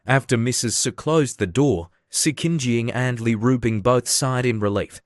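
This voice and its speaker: A man narrating a manga recap in a steady, scripted way. His voice is mid-pitched. The recording is dry and close. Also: normal speed, few pauses, dry recording.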